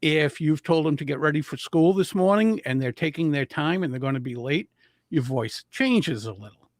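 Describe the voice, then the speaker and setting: A man explains public speaking techniques as a guest coach, his voice sitting a bit high for a man. He talks in an animated, demonstrative way, acting out how a voice rises and falls. The sound is dry and close, with no room around it. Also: normal speed, dry recording. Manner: animated, demonstrates vocal intonation.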